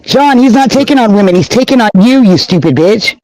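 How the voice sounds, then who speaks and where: A man's voice: high voice, lively intonation, a little fast, a little mellow, dry recording, low-quality recording. A man heckling in a livestream argument, mocking and taunting the other speaker.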